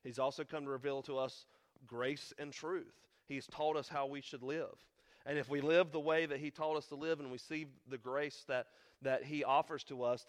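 Pastor, male, mid-pitched, earnest sermon delivery with weighty pauses and rising emphasis.

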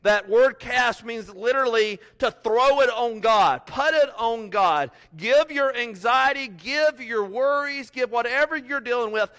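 A man preaching a sermon, swinging between loud, emphatic lines and soft, almost whispered ones as he reads scripture and applies it. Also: very high-pitched, a little slow, few pauses. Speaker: pastor.

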